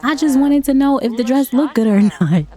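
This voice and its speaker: A woman's voice: sits high, moderate pace, dark tone, pitched above the performer's own voice, close to an everyday voice. A woman voicing a sassy young woman on a date. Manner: sassy, defensive. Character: sassy young woman going on a business dinner.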